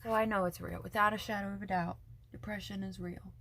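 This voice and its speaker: A woman's voice: medium pitch, flat delivery, brisk, gravelly, pushed and bright, a little hiss or hum. A woman vlogger giving an earnest, emotional personal faith testimony, speaking in a tender, confiding way. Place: front porch at home.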